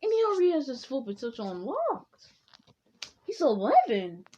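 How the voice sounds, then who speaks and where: A fussy, formal divine attendant, as a woman puts him on in an improvised spoken story. He speaks properly and excitedly, pitched a little high. The sound is dull and lo-fi. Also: normal speed, a little hiss or hum. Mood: alarmed.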